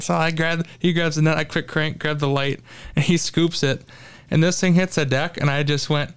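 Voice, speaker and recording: A young man, a guest angler, excitedly retelling a fishing trip in casual talk, with lots of fillers. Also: fairly high pitch, brisk, clear, resonant tone. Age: young adult. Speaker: podcast guest, tournament angler. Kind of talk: casual storytelling.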